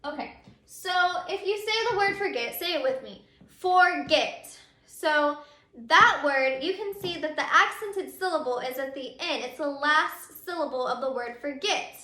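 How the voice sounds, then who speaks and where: A young woman teacher with a high voice walks through a recorded spelling lesson, spelling words out letter by letter and pausing on frequent ums. Her voice is crisp and bright. The room around her sounds echoey. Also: animated. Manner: frequent um fillers.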